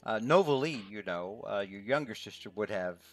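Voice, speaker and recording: A man narrating as game master of a tabletop game, in a measured, relaxed way with many small pauses. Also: fairly low pitch, faint music behind.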